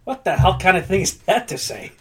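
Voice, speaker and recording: Man, improv comedy guest, exasperated, high pitched, lively. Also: brisk. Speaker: podcast guest.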